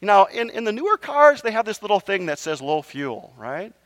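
A man's voice: sits high, normal speed, in a large hall. A middle-aged male pastor telling a funny, self-mocking story in a sermon, often checking in with "right?". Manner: animated, self-mocking, talks to the crowd with repeated "right?".

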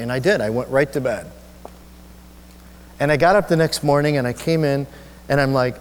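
A male pastor preaching a sermon, telling a personal story in an emotional, halting way with many restarts. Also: medium pitch, big-room sound, a little hiss or hum. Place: church sanctuary.

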